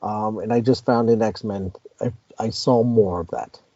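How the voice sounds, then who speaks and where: A man co-hosting a podcast, talking in a relaxed way and steering the discussion. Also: fairly low pitch, measured pace, no room sound, muffled recording. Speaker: podcast co-host. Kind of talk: casual review chat.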